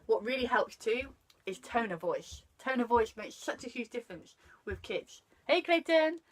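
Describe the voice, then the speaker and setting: A woman's voice: a little high, sing-song, moderate pace, a little hiss or hum, low-quality recording. A woman, chatting animatedly about parenting and breaking off to greet passers-by. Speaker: parenting guest. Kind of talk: casual chat about parenting.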